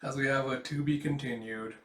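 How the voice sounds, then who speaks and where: A man's voice: medium pitch, steady tone, fairly quick, a little hiss or hum. A man hosting a manga reaction, reading and reacting to a comic in a rambling way. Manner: rambling, with restarts and "it's like". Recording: echoey room.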